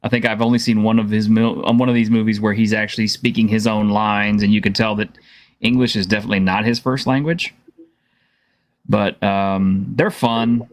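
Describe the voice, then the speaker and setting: A man chatting as a guest on a casual stream, easygoing and relaxed. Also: on the low side, moderate pace. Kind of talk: casual chat.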